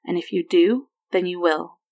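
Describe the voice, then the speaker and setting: A woman voicing a tired, tender adult mother who speaks softly and gently. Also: on the low side, steady tone, moderate pace, dull audio, natural voice. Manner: soft and gentle.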